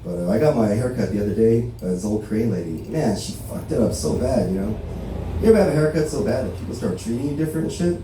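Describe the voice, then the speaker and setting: A man's voice: mid-range voice, animated, fast, noisy background. Profane stand-up man in echoey room. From Los Angeles. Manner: casual, profane storytelling with lots of "right?". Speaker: stand-up comedian. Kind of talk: stand-up set. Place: barbershop comedy show. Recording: very echoey room, mic far away.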